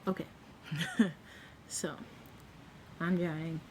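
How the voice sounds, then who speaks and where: A young woman vlogger telling a story in a casual, animated way, sometimes dropping to a whisper. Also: sits low, slow, a little hiss or hum. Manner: animated, acts out quotes, drops to a whisper at times.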